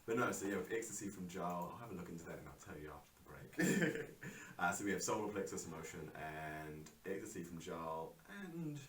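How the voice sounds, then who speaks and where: A man's voice: low-pitched, big pitch swings, a little fast, hardly any pauses, a bit bright. A man hosting a radio talk show, rambling with many fillers in a casual chat. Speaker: radio host. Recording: roomy, distant mic, faint hiss.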